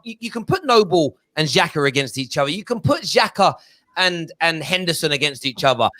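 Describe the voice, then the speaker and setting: A man hosting a casual football chat show, telling stories with lively energy and mimicking voices. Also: sits high, no echo. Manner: animated storytelling, mimics his kids. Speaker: show host.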